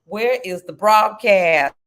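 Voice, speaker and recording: A woman's voice: medium pitch, slow pace, fairly bright tone. A woman voicing her impatient female friend, who keeps pressing her with questions over the phone. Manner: insistent questioning.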